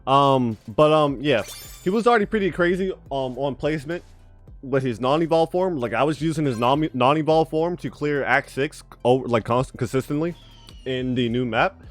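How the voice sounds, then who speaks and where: A man's voice: medium pitch, moderate pace, soft background music. Rambling man with spitty retainer speech. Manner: rambling, profane, says bro a lot. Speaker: gaming YouTuber. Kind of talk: casual gameplay commentary.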